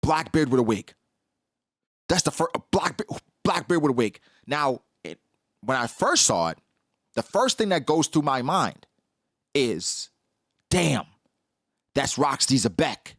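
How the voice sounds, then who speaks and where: A man giving casual, slangy commentary on a comic chapter, acting out characters in quick asides. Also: mid-range voice, big pitch swings, fairly bright tone, no echo, studio quality. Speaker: manga reaction host.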